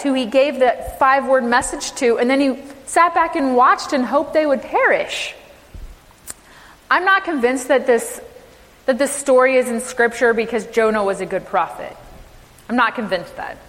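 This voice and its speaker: A woman's voice: high voice, a bit bright, long reverb tail, poor audio. A woman minister preaching a sermon, emphatic, with rhetorical questions to her congregation.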